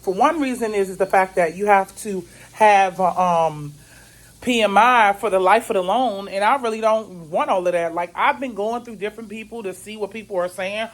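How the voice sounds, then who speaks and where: A woman's voice: mid-range voice, normal speed, rough recording. A woman vlogger telling a story at home in her kitchen while she cooks, venting with indignation and plenty of slang. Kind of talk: casual storytime vlog while cooking.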